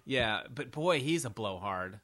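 A man co-hosting a casual comedic chat, laid-back and dry, quick to laugh along. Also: mid-range voice, animated, sharp tone, dry recording. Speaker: podcast co-host.

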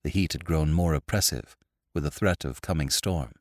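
Deep-voiced man narrating classic fiction. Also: dry recording, studio quality. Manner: measured, expressive storytelling. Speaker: podcast narrator.

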